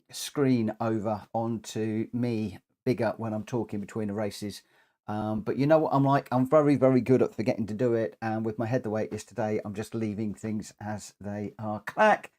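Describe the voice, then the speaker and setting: A man's voice: fairly low pitch, steady tone, moderate pace, mellow. Chatty man streaming a race. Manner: chatty, rambling, frequent ums. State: short of breath, coughing now and then. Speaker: sim racing streamer. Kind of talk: live gameplay commentary.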